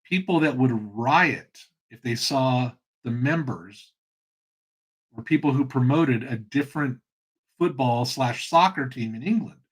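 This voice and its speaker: A man's voice: mid-range voice, unhurried, slightly rough. A middle-aged man hosting his own channel, talking in a loose, rambling, conversational way. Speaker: channel host. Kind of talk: casual monologue.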